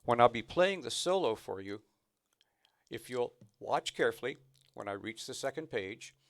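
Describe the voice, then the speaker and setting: A man's voice: mid-range voice, lively intonation, moderate pace, gravelly. A man teaching snare drum technique, patiently explaining and counting rhythms aloud between demonstrations. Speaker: drum instructor. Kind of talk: instructional demonstration.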